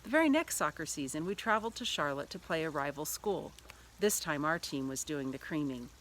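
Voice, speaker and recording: Lively middle-aged woman telling a devotional story. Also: sits low, a little fast, slight background noise. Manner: lively storyteller who acts out quoted lines. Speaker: church devotional speaker.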